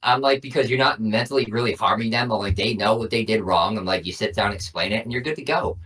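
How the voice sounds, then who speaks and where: A man's voice: on the low side, fast, a bit bright, recorded from a distance. A young man co-hosting a casual podcast, telling long stories with lots of "I'm like.". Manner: rambling storyteller, lots of "I'm like". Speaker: podcast co-host. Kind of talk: casual chat.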